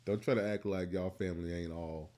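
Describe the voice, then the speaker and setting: A man's voice: sits low, fairly even intonation, a little fast, warm tone. A man in his thirties co-hosting a casual podcast. He tells stories with a playful, teasing edge and laughs easily. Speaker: podcast co-host. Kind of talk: casual storytelling chat.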